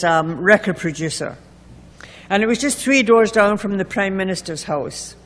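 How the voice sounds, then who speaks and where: A woman telling her recovery story to a group, candid and wry, with self-mocking humor. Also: medium pitch. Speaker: recovering alcoholic sharing at a meeting. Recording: echoey meeting hall recording.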